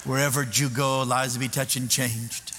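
A man voicing a fierce 65-year-old woman evangelist who speaks halting, broken English and barks orders. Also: mid-range voice, fairly even intonation, fairly bright tone, close to an everyday voice. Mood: scolding. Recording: echoey hall with background noise.

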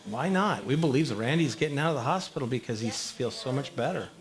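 Man, church leader, mid-pitched, direct and encouraging with the congregation. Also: lively intonation, fast, a crowd in the background. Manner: direct, encouraging, calls out to the room. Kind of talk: leading a church prayer time. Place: church service before a congregation.

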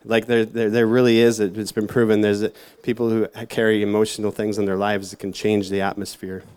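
A man's voice: fairly low pitch, flat delivery, fairly quick, darkish tone, smooth. A man giving a casual, rambling sermon to a youth group, full of fillers and self-mocking asides. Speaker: youth church speaker.

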